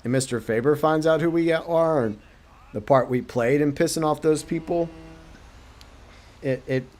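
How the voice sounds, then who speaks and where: A man hosting a game stream, chatting and speculating about the story in a thoughtful, halting way. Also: medium pitch. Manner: thoughtful, speculating, many restarts. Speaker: streamer host. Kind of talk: casual gaming chat.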